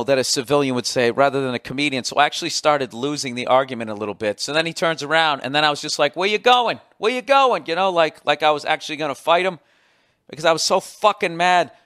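Man in his forties, american, ranting and swearing, higher-pitched voice, dry close sound. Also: fairly bright tone, clean tone, no room sound. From United States. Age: 40s. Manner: profane, ranting, self-mocking. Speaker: podcast host. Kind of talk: casual storytelling monologue.

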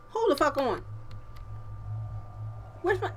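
A woman YouTuber doing let's play commentary, tipsy and frustrated, cursing freely with loud outbursts. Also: on the high side, expressive, moderate pace, slight background noise. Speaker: gaming YouTuber.

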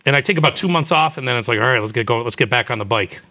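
Bright-voiced, animated man telling stories. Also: mid-range voice, rapid-fire. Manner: animated, candid storytelling with many fillers. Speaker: chief marketing officer, guest. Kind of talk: casual interview talk.

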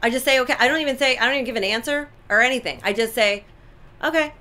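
A middle-aged woman co-hosts a casual relationship advice chat. Her voice is bright and slightly forceful. She is emphatic and animated, and she drives her points home by repeating them. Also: fairly high pitch, racing. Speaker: co-host giving relationship advice.

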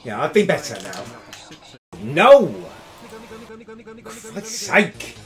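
A man, livestreaming and yelling angry, swearing commentary at his game and his chat. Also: medium pitch, sing-song, moderate pace, faint music behind. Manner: shouting, swearing, exasperated outbursts. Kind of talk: raging live gameplay commentary.

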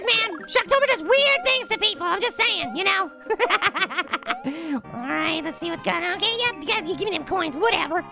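A man voicing a tiny, cocky boy apple in a cartoon gaming video, trash-talking in a squeaky, gravelly high voice with slangy rhymes. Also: heavily acted. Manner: brash, jokey trash talk with slangy rhymes. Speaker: game-playing cartoon character. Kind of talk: let's-play commentary in character. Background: game music.

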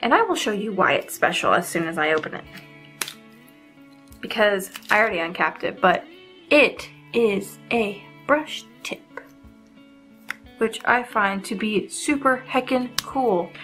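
A young woman hosting her art channel, chatting casually and excitedly as she unboxes art supplies. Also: mid-range voice, a little slow, faint music behind. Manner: bubbly, excitable, giggly.

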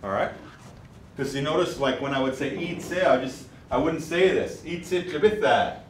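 A man teaching a language class, saying words slowly and clearly so the students can repeat them. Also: medium pitch. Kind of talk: classroom lesson. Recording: echoey room, mic far off, faint noise.

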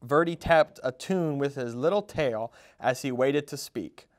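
A man's voice: mid-range voice, measured pace, hardly any pauses. Man reading a children's story aloud. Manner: expressive, animated read-aloud. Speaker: storytime reader.

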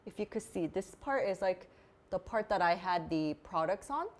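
A woman's voice: on the low side, animated, moderate pace. A woman hosting a beauty vlog, chatting casually and bubbly while demoing products, with lots of "like" fillers. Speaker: beauty vlogger host. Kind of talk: casual live product demo chat.

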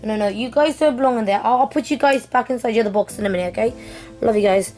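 A young woman streamer chatting casually through an unboxing, excitable and apologetic, with many fillers and restarts. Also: on the high side, quick pace, faint music behind. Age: young adult. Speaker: gaming streamer.

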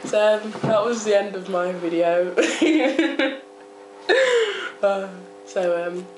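A woman vlogging casually, with a low-key, giggly way of talking. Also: takes it slowly, darkish tone, echoey room, a little hiss or hum. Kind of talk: casual vlog.

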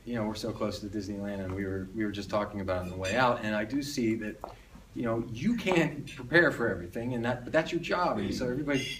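Male presenter, lively storyteller, recorded at a distance on a phone in a restaurant room. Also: on the low side, quick pace, background noise. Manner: animated storyteller, rhetorical questions. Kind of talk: conference talk telling a story. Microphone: phone on tripod across the room.

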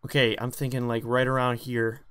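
A man hosting a let's play, talking straight to his viewers in a jumpy, excitable way as he plays. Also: medium pitch, a little fast, clean tone. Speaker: gaming channel host.

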